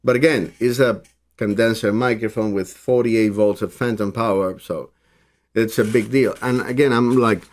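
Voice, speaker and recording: A man's voice: fairly low pitch, steady tone, moderate pace. A man reviewing tech gear in a hands-on demo, speaking English as a second language and thinking aloud with frequent restarts and fillers.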